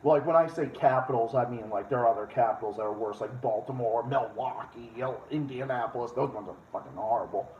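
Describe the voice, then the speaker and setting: A man's voice: medium pitch, brisk, few pauses. Blunt New England man in an echoey room. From Massachusetts. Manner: blunt, rambling, swears casually. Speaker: streamer host. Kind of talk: casual chat. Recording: echoey room, dull sound, faint noise.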